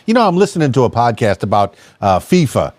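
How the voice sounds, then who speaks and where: A man's voice: mid-range voice, sing-song, darkish tone, dry recording. A man hosting a podcast, chatting casually and rambling with many restarts. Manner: rambling, halting, full of restarts. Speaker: podcast host. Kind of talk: casual chat.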